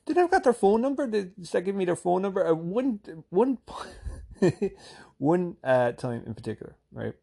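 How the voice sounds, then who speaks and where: A man from Ireland with a softened Irish accent, rambling through a casual, profane, self-deprecating vlog monologue. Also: high voice, big pitch swings, normal speed, vocal fry, slightly rough. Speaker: vlogger.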